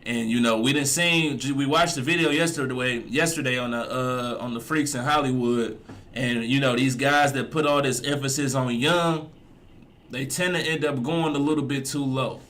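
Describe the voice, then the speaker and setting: A man's voice: mid-range voice, steady tone, moderate pace, a bit bright. A man giving casual, mocking commentary as he reacts to a clip, drawling and repeating his jokes. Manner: laid-back, mocking, drawling repetitions. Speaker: reaction streamer.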